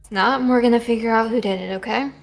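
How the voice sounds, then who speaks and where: A woman playing a tabletop game, calmly reassuring a fellow character and asking practical questions. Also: on the high side, fast talker, faint music behind, rough recording. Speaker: player. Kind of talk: tabletop role-play, in character.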